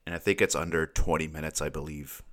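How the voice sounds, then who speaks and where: A very deep-voiced man talking casually on a podcast. He rambles along, tripping over repeated words and often breaking into laughter. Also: level tone, quick pace, fairly bright tone. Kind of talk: casual chat.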